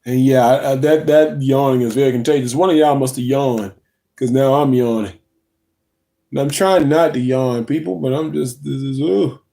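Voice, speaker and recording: A man's voice: mid-range voice, moderate pace, vocal fry, mellow. A young man, hosting a casual livestream, chatting loosely, reading the chat aloud and yawning now and then. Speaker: livestream host.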